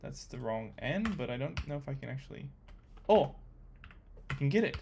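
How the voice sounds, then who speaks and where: Excitable young man thinking aloud. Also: medium pitch, normal speed, gravelly, background noise. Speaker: coding vlogger. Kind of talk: casual screen-recorded coding commentary.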